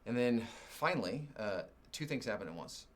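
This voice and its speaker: A middle-aged man from Oklahoma preaching, telling a personal story with animated swings and leaps up in pitch when exasperated. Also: normal speed. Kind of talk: sermon storytelling.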